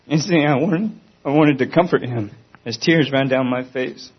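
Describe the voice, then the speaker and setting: A man gives a spoken Christian testimony in an earnest, pleading manner, at normal speed with a breathy edge. His voice is of ordinary male pitch, and the recording sounds dull and lo-fi.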